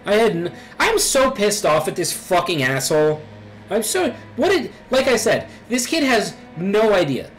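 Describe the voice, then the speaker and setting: A man's voice: sits high, big pitch swings, unhurried, soft background music, low-quality recording. A young man giving emotional, profanity-laden let's play commentary, rambling as he reacts. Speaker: gaming YouTuber.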